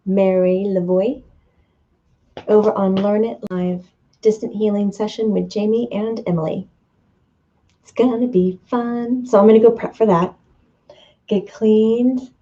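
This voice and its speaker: A woman's voice: medium pitch, dark tone, highs cut off. A woman hosting a live stream, chatting casually, reading viewer comments aloud and laughing often.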